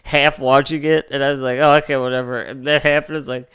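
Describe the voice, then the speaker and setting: A young man co-hosting a casual podcast chat, animated and swearing freely as he retells movie scenes. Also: medium pitch, brisk, smooth. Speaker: podcast co-host.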